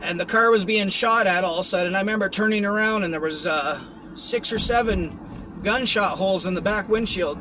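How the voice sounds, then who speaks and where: A man's voice: sits high, fairly quick, background noise. A young man giving a rambling, earnest personal testimony, with many restarts and fillers. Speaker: testimony vlogger.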